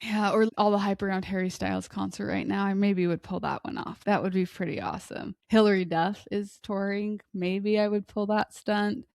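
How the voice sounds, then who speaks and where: Chatty woman with a gravelly edge. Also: mid-range voice, level tone, normal speed, few pauses, darkish tone, no echo, studio quality. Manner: chatty, rambling storyteller. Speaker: podcast co-host. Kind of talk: casual chat.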